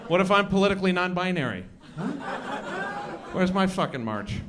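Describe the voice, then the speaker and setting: A man's voice: high voice, very animated, brisk, noisy background. A man doing a live stand-up set in a comedy club, swearing freely and talking to the crowd in rhetorical asides. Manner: profane, conversational, rhetorical asides. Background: audience laughter.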